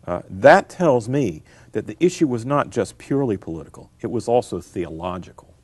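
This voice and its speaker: A man's voice: on the low side, big pitch swings, moderate pace, slightly rough, no echo. A middle-aged man, a scholar answering interview questions in an emphatic, lecturing way, repeating his key phrases. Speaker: guest scholar.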